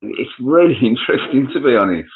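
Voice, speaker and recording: Excitable man on a tinny phone line. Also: medium pitch, a little fast. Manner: excitable, repetitive restarts, swearing. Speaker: panel guest. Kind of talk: casual live panel chat.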